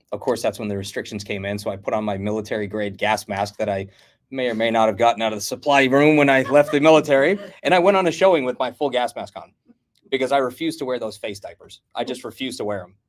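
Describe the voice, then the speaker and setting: A middle-aged American man talks as a guest in a relaxed conversation. His voice sits at an ordinary middle pitch. He tells stories bluntly, with a combative, animated edge. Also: fast talker. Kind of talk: casual chat.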